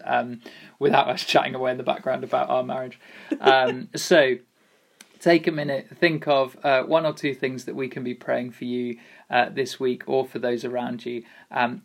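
A man's voice: medium pitch, vocal fry. A man leading a youth group session, chatting casually and joking about himself. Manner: jokey, self-deprecating, chatty. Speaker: youth leader. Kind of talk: casual chat.

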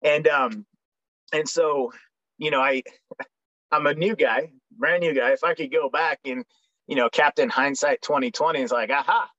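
A man's voice: a little high, a little slow, bright, forceful tone, dry recording. A young man, a military veteran guest, telling his story in a frank, joking way with many ums and restarts. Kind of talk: casual storytelling interview. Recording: dry, slightly dull recording.

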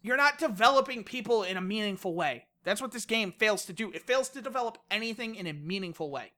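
A woman co-hosts a casual gaming podcast, her voice bright and clear. She talks in an animated way, laughs often and swears freely when she gets worked up. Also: mid-range voice, fast talker. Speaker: podcast co-host. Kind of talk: casual podcast rant about video games.

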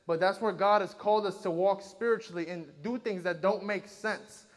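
A man's voice: high-pitched, steady tone, normal speed, big-room sound. A man preaching a sermon, retelling scripture in an earnest, conversational way with frequent fillers.

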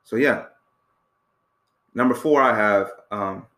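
A man's voice: fairly low pitch, slow pace, sharp tone, echoey room. A man hosting a podcast, chatting casually about a movie and acting out scenes with quoted voices. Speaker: podcast host.

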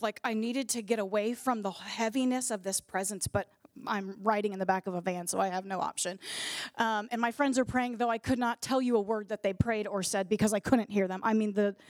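A woman's voice: fairly high pitch, no room sound, clean studio sound. A woman and regular co-host giving a casual personal faith testimony, telling it earnestly and vividly with fillers.

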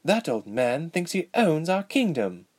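A man voicing a determined young princess who is quietly resentful. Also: a little high, expressive, normal speed, husky, pitched above the performer's own voice. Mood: bitter.

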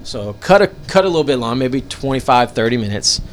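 A man telling an animated, profane story as a podcast co-host. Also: mid-range voice, fairly quick, a little hiss or hum. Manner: animated, profane, acts out dialogue. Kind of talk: casual storytelling.

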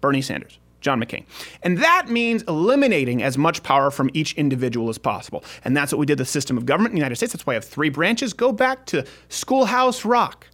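A man's voice: fairly high pitch, very animated, fast, a bit bright. A man hosting a casual political talk show, talking in a sarcastic, rambling way with frequent restarts. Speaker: podcast host.

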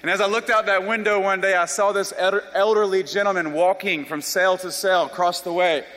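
A young man from South Carolina, telling his life story as an animated, self-deprecating testimony. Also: high voice, fairly quick. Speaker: speaker giving a personal testimony. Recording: long reverb of a large hall.

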